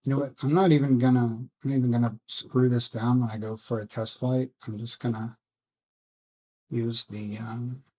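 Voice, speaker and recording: Slow, husky-voiced man at his workbench. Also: mid-range voice. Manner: soft, rambling self-talk with musing asides. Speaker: drone hobby channel host. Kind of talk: casual build vlog, talking to viewers while working.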